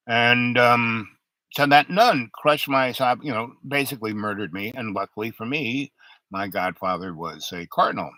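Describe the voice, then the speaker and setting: An older man hosting his own talk show, talking in a rambling, halting way with many fillers. His voice sounds unusual because of an old throat injury. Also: mid-range voice, bright, forceful tone, no echo, rough recording. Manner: halting, many fillers and restarts, stutters under strain. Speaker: show host. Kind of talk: rambling monologue.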